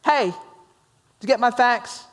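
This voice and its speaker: A woman's voice: a little high, measured pace, in a large hall, natural voice. A woman voicing a grumpy, impatient male manager who talks in blunt, clipped lines.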